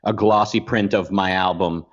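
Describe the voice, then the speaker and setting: A comedian guest talking casually on a podcast, quick and joking, often trailing off mid-sentence. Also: male voice, sits low, steady tone. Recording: slightly dull lo-fi sound.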